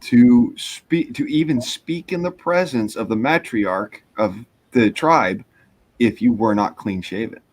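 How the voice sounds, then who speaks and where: A man talks on a podcast in a calm, steady way, explaining things at length. When he disagrees, he corrects the others firmly. His voice sits at an ordinary middle pitch. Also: measured pace. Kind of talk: casual chat.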